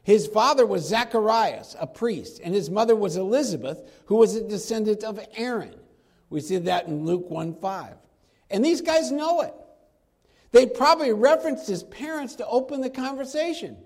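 A man's voice: sits high, expressive, moderate pace, darkish tone. A man teaching through a Bible passage in a conversational sermon, now and then acting out the quoted speakers in casual slang. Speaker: preacher.

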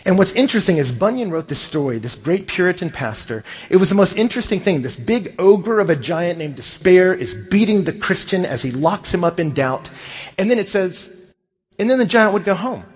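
A man's voice: high-pitched, fairly quick, husky. A man preaching a sermon, telling stories and acting out the voices of the people in them. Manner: animated, acts out quoted voices. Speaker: pastor. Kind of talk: sermon with storytelling.

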